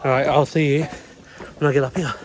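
A man's voice: medium pitch, level tone, fairly quick, background noise. Breathless young man vlogging on a climb. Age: 20s. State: out of breath and sweating. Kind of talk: casual vlog chat to camera. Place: outdoors, climbing long shrine stairways.

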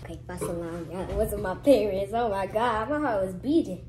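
A young woman chatting casually to camera in a vlog, lively and sometimes dropping to hushed whispers. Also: mid-range voice, normal speed, a little hiss or hum, low-quality recording. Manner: lively, switches to hushed whispers when nervous. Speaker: vlogger.

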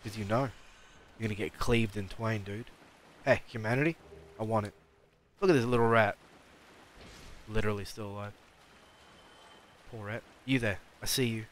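A man's voice: fairly low pitch, steady tone, normal speed, long pauses, slight background noise. A man giving rambling live commentary while playing a game, mumbling and talking back at the enemies on screen. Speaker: streamer.

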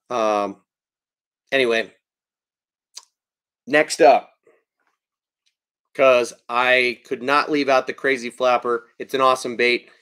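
Casual man rambling about lures. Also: mid-range voice. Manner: relaxed, rambling with frequent ums. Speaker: fishing channel host. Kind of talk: casual live-stream product talk.

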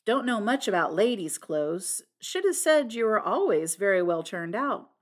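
A woman voicing a gruff middle-aged army major who talks in terse, clipped phrases with dropped words, in a storybook reading. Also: medium pitch, very animated, normal speed.

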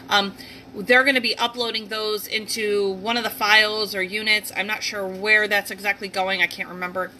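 A woman's voice: medium pitch, sharp tone, slight background noise, poor audio. A middle-aged woman from the Northeast US hosting a casual livestream, rambling and greeting viewers by name. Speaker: livestream host. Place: home, near a heater and dogs.

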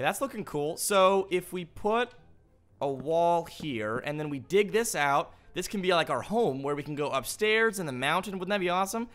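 A man giving casual gameplay commentary as a gaming host. He is playful and jokey, chats to the animals in the game, and sounds slightly hoarse. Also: on the high side, a bit bright.

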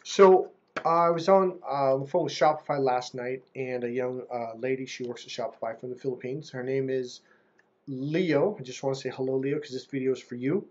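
A man giving relationship coaching in a casual monologue to camera. He talks in an animated way and mimics how other people speak. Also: mid-range voice, normal speed, lo-fi sound.

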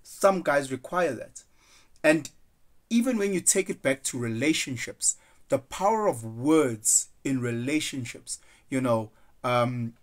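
Earnest man musing aloud. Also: medium pitch. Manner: earnest, loose and rambling, acts out quoted voices. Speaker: vlogger. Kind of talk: casual reflective monologue.

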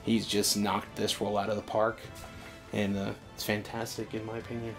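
A man's voice: lowish voice, monotone, moderate pace, vocal fry, music in the background. A man co-hosting a casual fan chat, rambling with many restarts and "uh"s. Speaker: co-host.

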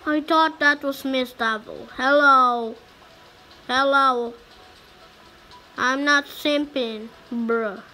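A woman's voice: sits high, steady tone, drawn-out words, long pauses, bright, forceful tone. A woman gamer giving chatty, exclaiming, slangy commentary as she plays. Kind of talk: casual let's-play commentary.

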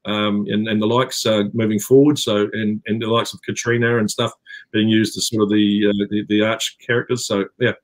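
A man's voice: fairly low pitch, flat delivery, normal speed. A middle-aged man with a New Zealand accent, talking casually on a video call with many fillers and restarts. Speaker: actor guest. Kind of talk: casual interview chat.

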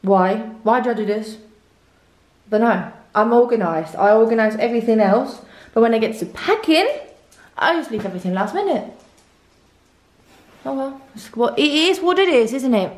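A woman's voice: fairly high pitch, lively intonation, moderate pace, long pauses. Chatty woman vlogging in her bedroom. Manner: chatty and rambling, talks to her dogs. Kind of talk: casual chat to camera. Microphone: camera set up in the room.

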